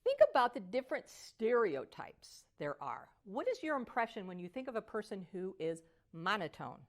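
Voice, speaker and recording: An older woman voice coach giving a motivational teaching talk, animated and at times singing phrases to show melody. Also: mid-range voice, moderate pace.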